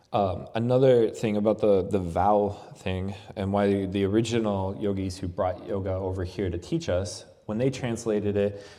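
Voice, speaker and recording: Low-voiced man, yoga talk in hall. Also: warm tone. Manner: conversational, asks "right?" often. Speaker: yoga teacher. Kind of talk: festival talk. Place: festival venue.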